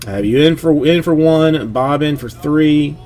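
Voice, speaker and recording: A man's voice: fairly high pitch, moderate pace, a little mellow, slight background noise. A man hosting a live sports card break stream, chatting casually with viewers in a rambling, self-deprecating way while he works to sell spots. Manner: hustles buyers to fill spots.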